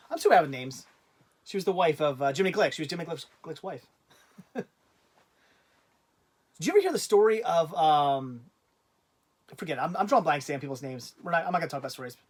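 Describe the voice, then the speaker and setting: A man hosting a casual livestream in a fairly high voice. He rambles and drifts off mid-thought, restarts his sentences, and breaks into easy laughter as he chats on. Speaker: livestream host.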